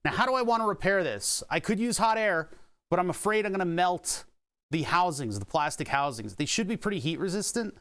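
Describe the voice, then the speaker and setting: A man's voice: high voice, expressive, a little fast, fairly bright tone, smooth. A man streaming casually from his home workshop, rambling and joking at his own expense while he works on electronics. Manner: rambling, joking, self-mocking. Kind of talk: casual livestream chat while working on electronics.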